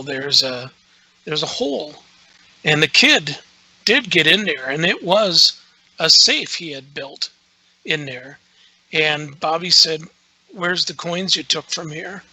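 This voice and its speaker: A man with a strikingly bright, forceful voice recounts a story in a loose, conversational way. He leans on filler words and starts over mid-sentence. His voice sits a little high and sounds dry and close to the mic. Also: no echo, low-quality recording. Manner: rambling, many filler words and restarts. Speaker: guest, radio show host. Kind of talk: casual storytelling.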